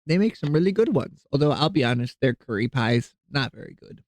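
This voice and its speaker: A man chats loosely with viewers on a live stream, rambling from one thought to the next in an easygoing way. His voice sits at an ordinary middle pitch, recorded close and dry with almost no room sound. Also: expressive, brisk, no echo. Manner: rambling, easygoing, chatting with viewers while cooking; softens and coos when talking to his cats. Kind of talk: casual live-stream chat.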